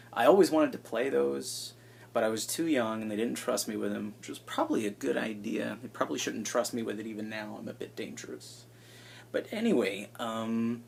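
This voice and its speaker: A man in his twenties chatting casually and self-deprecatingly, with hushed asides, into an iPad held at arm's length. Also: on the low side, creaky, slight background noise. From United States. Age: 20s. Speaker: vlogger introducing himself. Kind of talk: casual rambling chat.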